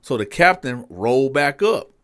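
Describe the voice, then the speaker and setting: A male host tells a prison story in a relaxed, slangy way. He speaks straight to his listeners in a mid-pitched voice. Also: normal speed, vocal fry.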